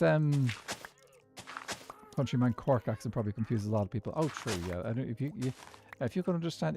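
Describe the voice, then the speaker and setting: A man's voice: mid-range voice, noisy background. A man chatting casually and rambling through his opinions while streaming a game. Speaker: gaming streamer. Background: background music.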